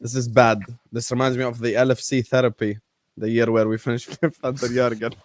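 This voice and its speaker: A young man hosting a casual livestream chat, animated and laughing often, using street slang. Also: medium pitch, fairly quick. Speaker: host.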